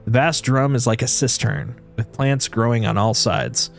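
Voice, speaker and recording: A man's voice: medium pitch, normal speed, vocal fry, soft background music. Man narrating a video game aloud. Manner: second-person narration with frequent restarts. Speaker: streamer. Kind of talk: reading a video game's story aloud.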